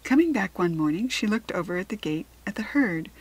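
Breathy woman reading a storybook. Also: mid-range voice, lively intonation, poor audio. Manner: gentle, measured read-aloud. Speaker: storybook reader. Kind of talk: storybook narration.

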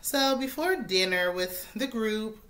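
A woman's voice: medium pitch, animated, slow, a bit bright. A young woman hosting a casual reality show recap, chatty and opinionated, often laughing.

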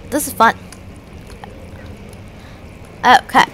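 A woman's voice: high-pitched, quick pace, fairly bright tone, a little hiss or hum. A woman giving playful, jokey let's play commentary, talking to the objects in the game. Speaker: gamer.

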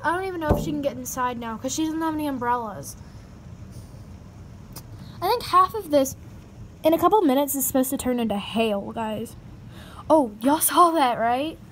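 A frightened teenage girl vlogging casually from home on a handheld phone, talking in a nervous, jittery way with breathy asides. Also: high voice, lively intonation, normal speed, long pauses, slight background noise. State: frightened and shaking. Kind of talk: casual vlog. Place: indoors at home by a window.

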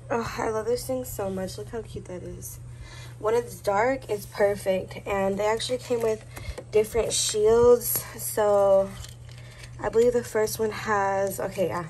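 A heavily pregnant vlogger, a bit out of breath, gives a casual tour of her baby's nursery at home, chatting, gushing and correcting herself as she goes. Her voice is a little high and warm, caught on a low-quality recording with a little hiss or hum.

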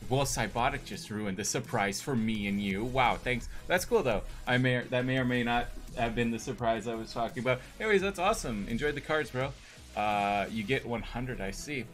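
A man's voice: mid-range voice, moderate pace, fairly bright tone, soft background music. A man live-streaming a game, chatting casually with viewers in an upbeat, rambling way. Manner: upbeat, greets chat, rambling with restarts. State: hyped on energy drink.

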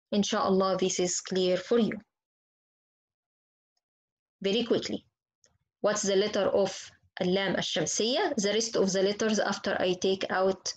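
A woman teaching Quran recitation, slowly and patiently repeating each example word. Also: medium pitch, low-quality recording. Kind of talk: slow tajweed lesson with spoken examples.

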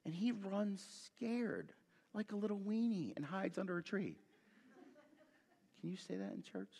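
A man giving a sermon as a guest pastor, telling the story with lots of energy, jumping from loud bursts to quiet asides and joking with the congregation. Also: sits high, a little slow, creaky, breathy edge, in a large hall. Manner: animated storytelling, swinging between loud bursts and hushed asides; jokey, talks straight to the congregation.

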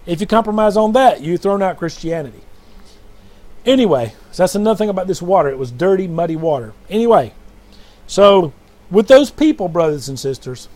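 High-voiced man preaching fervently. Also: expressive, fairly quick, darkish tone. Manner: rambling, repetitive, fervent, often says "brothers and sisters". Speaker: self-styled prophet and preacher. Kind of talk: late-night dream testimony and preaching. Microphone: recorded alone at night.

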